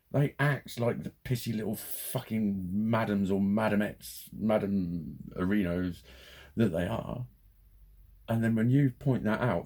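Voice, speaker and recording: Male vlogger, low husky voice, rambling sweary rant, heats up fast. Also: warm tone. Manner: sweary, rambling, gets heated. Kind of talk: casual rant to camera.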